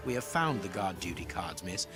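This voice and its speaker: An actor playing a calm, polite adult male detective who speaks in a measured, formal way, heard from a game with music underneath. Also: deep voice.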